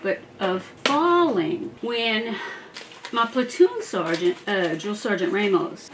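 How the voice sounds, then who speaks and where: A woman's voice: medium pitch, recorded from a distance, background noise. Chatty woman crafting and telling stories. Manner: chatty, laughs often, talks while working. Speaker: crafter making a wreath. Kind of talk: casual craft vlog with storytelling.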